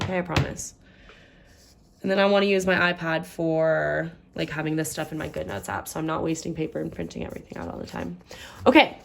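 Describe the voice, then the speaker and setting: A woman's voice: lowish voice, gravelly, a little hiss or hum. A young woman casually walking through a budget, chatting and thinking aloud as she works out the sums. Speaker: budgeting vlogger.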